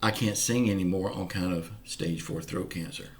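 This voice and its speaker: Low-voiced Southern man, folksy and earnest. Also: normal speed, a little hiss or hum. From Pensacola, Florida, US. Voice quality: some words come out slurred. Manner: folksy, earnest, keeps saying y'all. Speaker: channel host. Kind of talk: casual direct-to-camera update.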